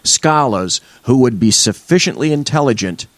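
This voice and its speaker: A man co-hosting a talk radio show, posing questions deliberately to the panel. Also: mid-range voice, animated, no echo. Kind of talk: political talk radio discussion.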